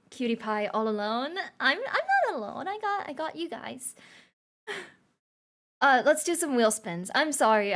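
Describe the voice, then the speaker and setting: A young woman streamer chatting casually with viewers and reading their messages aloud, playful and laughing often. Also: fairly high pitch. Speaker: livestreamer.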